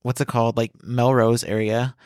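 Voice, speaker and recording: A man co-hosting a podcast, reading the news and telling stories in casual chat, swearing often and acting out quotes loudly. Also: mid-range voice, normal speed, no room sound, studio quality. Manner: animated, swears a lot, acts out quotes loudly. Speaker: podcast co-host.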